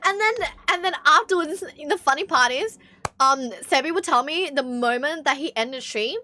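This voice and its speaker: A woman's voice: high voice, animated, a little slow, pushed and bright, a little hiss or hum. A young woman with an Australian accent chatting bluntly with her stream viewers, swearing often. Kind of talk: casual chat with stream viewers.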